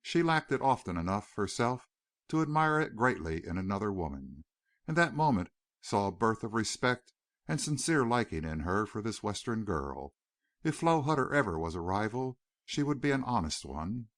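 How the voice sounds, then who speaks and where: A man narrating a classic novel in a measured, expressive reading. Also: on the low side, no echo, clean studio sound. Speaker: audiobook narrator. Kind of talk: scripted narration.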